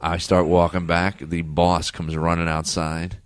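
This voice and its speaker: A man's voice: low-pitched, level tone, a little slow, clear, resonant tone, no echo. A man, a comedian, telling blunt, self-mocking stories in casual chat.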